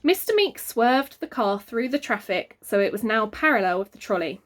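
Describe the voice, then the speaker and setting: A woman reading a children's book aloud, very expressive and adding sound effects. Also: on the high side, normal speed. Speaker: reader. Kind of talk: storybook read-aloud for children.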